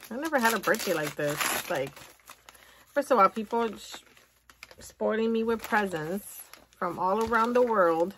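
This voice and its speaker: A woman's voice: medium pitch, background noise. A woman vlogger opening happy mail from a friend, chatting casually and gushing over each gift. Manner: gushing, giggly, talks to viewers. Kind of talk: casual unboxing chat.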